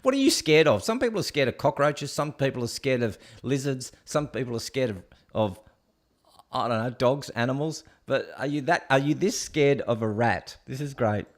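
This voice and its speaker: A man hosting a casual show, chatting and laughing loudly about viral clips. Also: medium pitch, moderate pace. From Australia. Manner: chatty, laughing often, loud and lively. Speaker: host.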